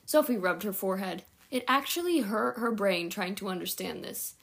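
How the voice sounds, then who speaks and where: A woman's voice: mid-range voice, lively intonation, normal speed, creaky, hardly any pauses. A woman reading a novel aloud at home, with small slips and self-corrections along the way. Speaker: audiobook reader.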